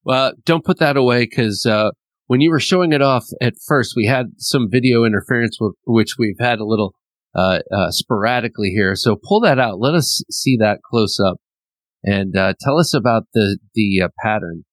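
A man hosting a podcast, asking questions in a halting way with many fillers. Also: fairly low pitch, no echo. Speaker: podcast host. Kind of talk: casual interview talk.

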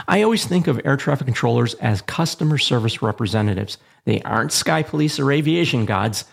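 A man hosting an instructional show on aviation radio communication, reading a measured, plain script with a dry touch of humor. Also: mid-range voice, vocal fry. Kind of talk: scripted educational narration.

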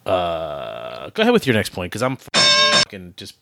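A man's voice: sits low, huge pitch swings, unhurried, creaky, very noisy. A man co-hosting a podcast, rambling and losing his train of thought. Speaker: podcast co-host. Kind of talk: casual podcast chat.

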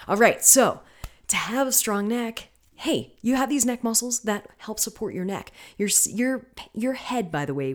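A woman hosting her own podcast, talking casually and coaching her listeners, often checking in with them. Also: medium pitch. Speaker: podcast host. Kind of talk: casual solo podcast talk.

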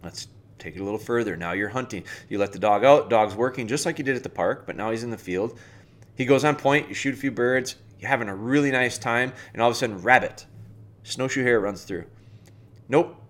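A man's voice: mid-range voice, brisk, a bit bright. A man hosting a dog training podcast, giving casual, plainspoken advice and talking the listener through everyday scenarios.

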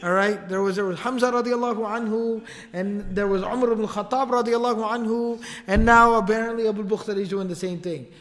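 A man telling a historical story as a lecture, in a casual, lively way with slangy asides. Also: high-pitched, fairly quick, few pauses. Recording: long hall reverb.

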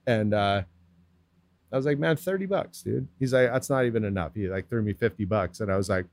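A man's voice: fairly low pitch, fairly even intonation, fairly quick, no room sound. A man as a podcast guest, telling stories in casual, slang-heavy chat with lots of swearing. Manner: laid-back slangy storyteller, heavy swearing.

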